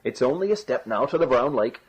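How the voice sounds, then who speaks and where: A man's voice: medium pitch, lively intonation, brisk, breathy edge, highs cut off. A man voicing a scheming peasant brother who scolds and gloats. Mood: gloating.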